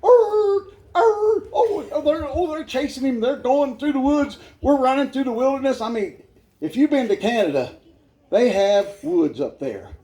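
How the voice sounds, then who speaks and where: A man's voice: extremely high pitch, expressive, normal speed, mellow. A man telling his life story as a church testimony, folksy and self-mocking, often laughing as he talks. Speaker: guest speaker giving his life testimony.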